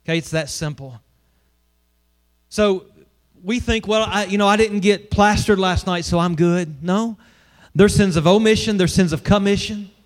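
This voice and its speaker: This man, a pastor, speaks in a high register while preaching casually. He leans on rhetorical questions as he goes.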